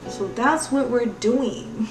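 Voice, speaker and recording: A chatty woman walks through her makeup in a bouncy, sing-song tutorial voice, pitched a little high. She sits back from the mic in an echoey room, with music playing clearly underneath. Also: slow, distant mic. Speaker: beauty vlogger.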